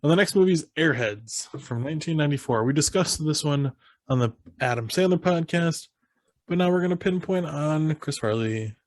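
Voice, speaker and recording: A man's voice: fairly high pitch, lively intonation, normal speed, dry recording. A young adult man co-hosting a podcast, easygoing and agreeable, chiming in often. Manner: easygoing, agreeing, short backchannels. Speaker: podcast co-host. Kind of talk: casual chat.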